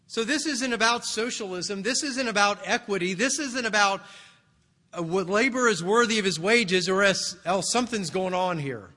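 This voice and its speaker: Male preacher, high voice, bright tone, conversational sermon, long church reverb. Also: normal speed. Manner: conversational, explanatory. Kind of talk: expository sermon.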